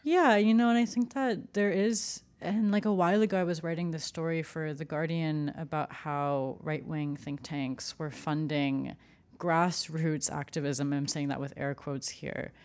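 A woman journalist in casual conversation, talking in an animated way with quick asides. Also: sits low. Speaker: journalist, co-host.

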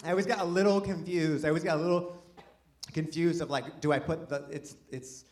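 A man performing a chatty, self-deprecating stand-up set in front of a live audience, often restarting his sentences and breaking into animated exclamations. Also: fairly high pitch, brisk, a little hiss or hum. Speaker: stand-up comedian. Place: live comedy venue with an audience. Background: audience laughter.

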